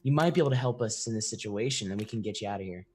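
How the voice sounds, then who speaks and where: A man playing a tabletop game, speaking in a halting, thoughtful way. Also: fairly low pitch, a little mellow. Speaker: player.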